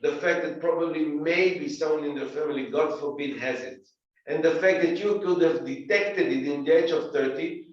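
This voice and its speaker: A middle-aged man coaching as an investor mentor, forceful and emphatic, talking in rapid blunt bursts. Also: on the high side. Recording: roomy echo, distant, dull.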